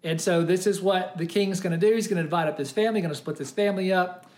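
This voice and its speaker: Animated preacher retelling a parable. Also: medium pitch, fast. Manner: animated storytelling, often exclaiming. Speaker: pastor. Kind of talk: sermon.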